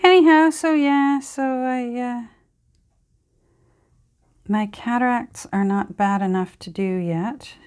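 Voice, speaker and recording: A woman's voice: on the high side, takes it slowly, long pauses, darkish tone, clean tone. A middle-aged woman with a Canadian accent, chattering casually while she crafts, rambling and chiding herself with many ums and sighs. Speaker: crafting vlogger.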